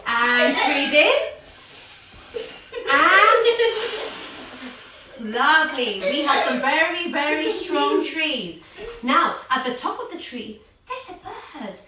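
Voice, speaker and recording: A kids yoga teacher leads a children's yoga story in a bright, clear, high voice, animated and sing-song and full of encouragement, at a measured pace. She's picked up from some distance off the mic in a very echoey room with slight background noise.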